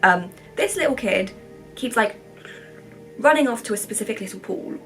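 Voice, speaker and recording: Brief: sarcastic young woman vlogger, slightly high voice, faint music behind. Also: lively intonation, moderate pace, a bit bright. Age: 20s. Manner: chatty, rambling, sarcastic. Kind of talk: casual commentary.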